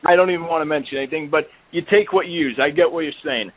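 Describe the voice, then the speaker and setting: A man's voice: on the high side, quick pace. A man hosting an internet radio show, chatting casually and hesitantly with lots of fillers. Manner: hesitant, many ums and you-knows. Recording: tinny phone-like line.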